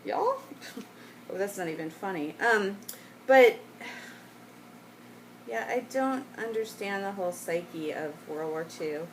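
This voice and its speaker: Woman, middle pitch, rambling casual chat, tangents, frequent laughter. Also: slow pace, pauses often, slight background noise, rough recording. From United States. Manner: chatty, goes off on tangents, laughs often. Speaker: scrapbooking vlogger.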